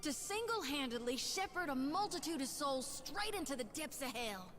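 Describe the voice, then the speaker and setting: A woman's voice: high-pitched, big pitch swings, moderate pace, fairly bright tone. An actress voicing a brash, folksy young woman soul-reaper in a fantasy game, emphatic and colloquial. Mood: eager. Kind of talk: game voice acting.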